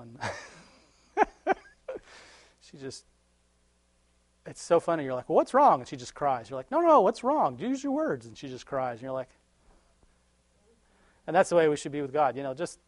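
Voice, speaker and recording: A lay preacher gives a casual devotional talk and closing prayer, homely and conversational, chuckling often between thoughts. His voice is medium-pitched, with no echo.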